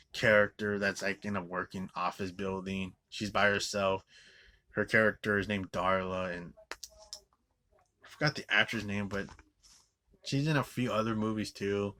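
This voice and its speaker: Man, low-ish voice with a sharp edge, profane rambling reviewer. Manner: rambling with constant "like" fillers and restarts; swears often, scornful. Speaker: movie reviewer. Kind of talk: profane ranting movie review.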